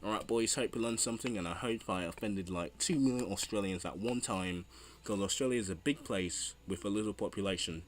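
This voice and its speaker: Low-voiced man narrating with faint music. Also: brisk, a little hiss or hum. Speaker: YouTube history narrator. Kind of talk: read history narration and casual outro.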